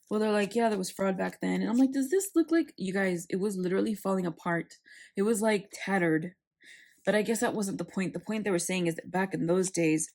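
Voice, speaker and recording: A young woman chatting casually while setting up her planner, telling a story with animated, sarcastic quoted voices. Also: fairly low pitch, vocal fry. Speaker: planner vlogger.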